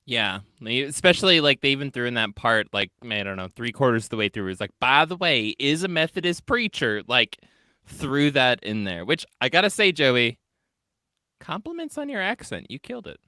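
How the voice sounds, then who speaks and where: A man's voice: mid-range voice, big pitch swings, moderate pace, sharp tone, no echo, studio quality. A man co-hosting a podcast, chatting loosely and joking, swearing casually. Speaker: podcast co-host.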